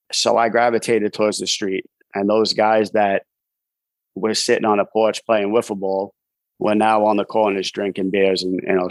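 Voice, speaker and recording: A low-pitched man with a New York accent tells his story in a flat, even tone. He rambles casually and leans on "you know" fillers. The sound is dry and close, with no room echo. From Brooklyn, New York. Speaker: podcast guest, author in recovery.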